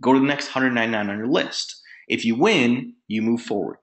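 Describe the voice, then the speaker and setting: Male sales trainer, motivational and emphatic, acts out quick phone-call examples. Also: mid-range voice, fairly bright tone. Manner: emphatic, punchy, acts out sample phone calls.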